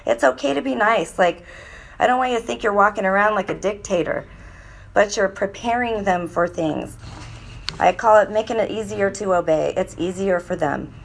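Woman, parenting talk, live audience, lively delivery, slight gravel in the voice. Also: mid-range voice, normal speed, slight background noise. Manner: lively, mimics children's voices in quotes. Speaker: speaker at a parenting talk for mothers.

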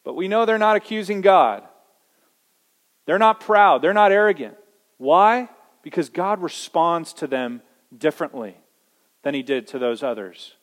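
A man preaching a sermon as pastor, earnest and emphatic, with dramatic pauses. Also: a little high. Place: church hall. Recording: long hall reverb.

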